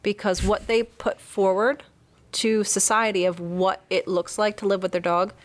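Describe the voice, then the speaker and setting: A woman's voice: medium pitch, level tone, normal speed. A woman dog trainer talking frankly on a podcast, swearing freely as she explains her views. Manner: frank, swears freely, acts out owners' voices. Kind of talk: casual podcast chat.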